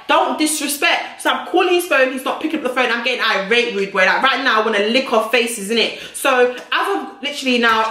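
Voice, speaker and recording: A woman's voice: a little high, a bit bright. A woman telling a storytime vlog, blunt and profane, full of street slang. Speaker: vlogger. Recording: echoey room.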